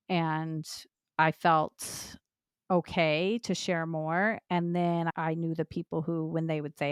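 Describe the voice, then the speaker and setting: Woman, podcast host, earnest, empathetic, smooth clear voice, dry close sound. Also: low voice, flat delivery, unhurried, no echo. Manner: earnest, empathetic, acts out quoted clients. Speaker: podcast host, lactation consultant. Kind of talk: podcast conversation.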